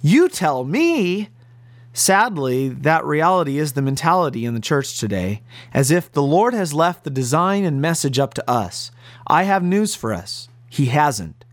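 Earnest preaching man, lively pitch. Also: dry recording. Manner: earnest, emphatic preaching with slow stressed phrases. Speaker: pastor. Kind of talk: radio sermon.

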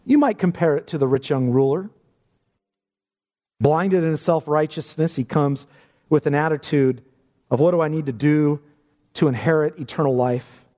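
A man's voice: on the high side, mellow, big-room sound. A man preaching a sermon with emphatic, rising and falling delivery.

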